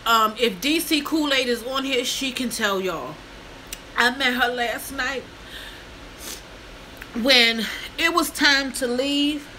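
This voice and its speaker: A woman's voice: high-pitched, slow pace, long pauses, bright, forceful tone, a little hiss or hum, low-quality recording. A woman, a vlogger telling her story to viewers, tearful and calling them y'all. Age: 50s. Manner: addresses viewers as y'all, breaks down crying. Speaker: mukbang vlogger.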